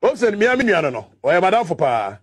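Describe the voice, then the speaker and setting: A man's voice: high-pitched, big pitch swings, fast, husky, heavily acted. A man putting on a stammering flustered man. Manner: stammering, repeats himself.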